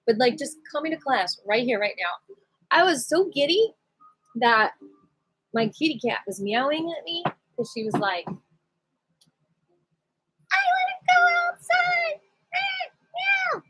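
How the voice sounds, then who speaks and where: A woman with a high, airy, breathy voice leads a home qigong class, bubbly and playful one moment and gently guiding the next. The sound is dry and close, with no room echo. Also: lively intonation, normal speed. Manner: playful, giddy, breaks into sing-song cat voices. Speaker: qigong teacher. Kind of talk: casual livestream class guidance.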